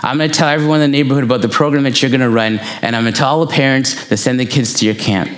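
A man's voice: mid-range voice, steady tone, racing, natural voice. A man preaching who quotes a stern older grandmother scolding him, in a firm manner. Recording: echoey church room.

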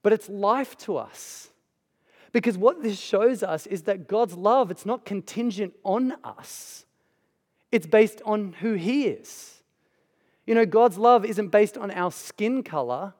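A man's voice: high-pitched, lively intonation, slow, a little mellow. A man delivering a conversational sermon as a pastor, emphatic and chatty, with asides to the congregation. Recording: hall reverb.

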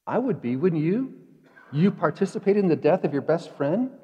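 A man preaching a sermon in a conversational way, dropping to quiet asides and rising to emphatic peaks. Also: fairly high pitch, sing-song, normal speed, slightly rough. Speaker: pastor. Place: church sanctuary. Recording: dull echoey church hall.

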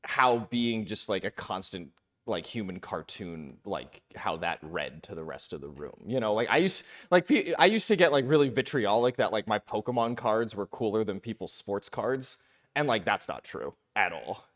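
A young man chatting on a podcast, telling self-mocking stories in an animated way. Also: on the low side, moderate pace. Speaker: comedian guest. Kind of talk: casual podcast chat. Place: podcast studio room.

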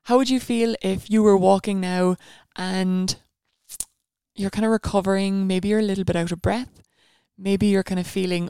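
A woman's voice: mid-range voice, steady tone, moderate pace, mellow, smooth, no echo, studio quality. A woman coaching a guided running session, chatty and encouraging, given to rambling asides.

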